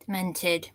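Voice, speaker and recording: A woman's voice: sharp tone, dry recording. A woman vlogging an indignant, ranting monologue with sarcastic jabs. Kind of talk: angry monologue to camera.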